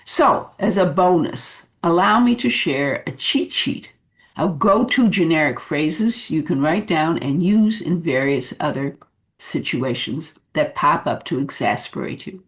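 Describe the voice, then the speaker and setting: Slow, lively woman leadership coach. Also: deep voice. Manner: unhurried, animated, many fillers. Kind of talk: coaching talk to camera.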